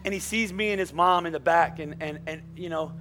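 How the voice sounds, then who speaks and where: Male pastor, middle-aged, high tenor, animated sermon delivery, faint instrument in the background. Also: fairly quick, music in the background. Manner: animated, shifting from quiet storytelling to shouting. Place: church sanctuary.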